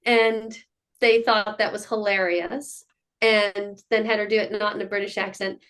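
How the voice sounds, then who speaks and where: A woman's voice: mid-range voice, measured pace, clean tone. A middle-aged woman, a mother of child performers, telling stories in a casual interview and acting out what people said. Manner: animated storyteller who acts out quotes.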